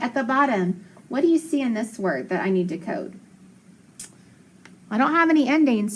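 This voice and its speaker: Woman teacher, encouraging phonics lesson, clear sound-outs. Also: on the high side. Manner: encouraging, slow sounding-out of words.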